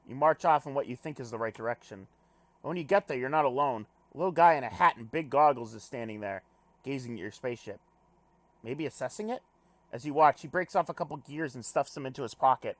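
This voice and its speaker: Animated young man reading a game aloud. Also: mid-range voice, a little fast, no echo, faint music behind. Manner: animated, swears casually, jokes at himself. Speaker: let's play gamer. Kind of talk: reading game text aloud with casual commentary.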